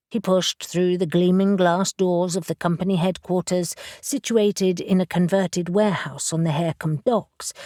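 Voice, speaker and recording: A woman narrating an audiobook in an even, measured manner. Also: on the low side, no echo, clean studio sound. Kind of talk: scripted narration.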